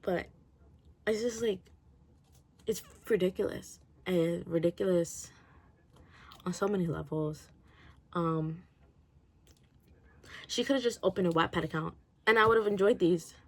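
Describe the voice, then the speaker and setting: A woman rants through a book review in a loose, rambling video-diary style. Her voice sits a little low for a woman, and she swears freely and keeps breaking into laughter as her thoughts run on. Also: unhurried, pauses often.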